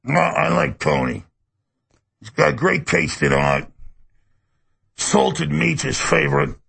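A man's voice: fairly high pitch, huge pitch swings, slow, exaggerated voice. A man playing a menacing male killer clown with a Brooklyn accent, in a taunting, ranting comedy sketch. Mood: gloating. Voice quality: gravelly, husky. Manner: taunting, shouting rants, cackling.

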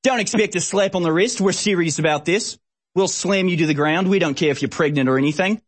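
A man's voice: mid-range voice, fairly even intonation, brisk, breathy edge, lightly acted. A man voicing a blustering, heavy-handed male police officer as a mocking put-on, with exaggerated threats. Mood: mocking menace.

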